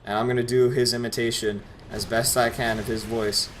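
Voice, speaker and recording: A man's voice: mid-range voice, flat delivery, fairly quick, slight background noise. A teenage boy casually telling stories over gameplay, rambling, sarcastic and swearing freely. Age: teens. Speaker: gameplay commentator.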